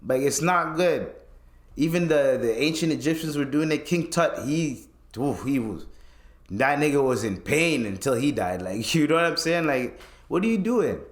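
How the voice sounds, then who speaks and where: Young male podcaster, animated foul-mouthed solo rant, roomy sound. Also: a little high, normal speed. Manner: profane, animated ranting with laughs. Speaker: podcast host.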